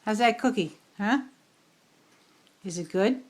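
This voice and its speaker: A woman's voice: mid-range voice, slow pace. An older woman, a grandmother, doting on her small grandchild with coaxing sing-song baby talk at home.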